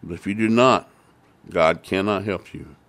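A man delivers a sermon, first retelling scripture in a steady storytelling voice. He then turns to its lesson with earnest, repeated emphasis that builds toward fervor. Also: low voice, measured pace. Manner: earnest, repetitive emphasis, rising to fervent. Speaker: preacher.

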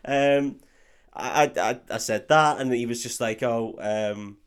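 A man in his thirties co-hosts a podcast in casual chat. He tells animated, laughing stories and swears freely as he goes. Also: medium pitch, measured pace, clear, resonant tone. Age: 30s. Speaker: podcast co-host.

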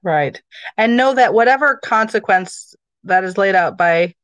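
A woman co-hosting a casual faith podcast, talking with animated enthusiasm. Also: mid-range voice, unhurried, smooth, no echo. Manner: animated, enthusiastic, laughs easily. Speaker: podcast co-host.

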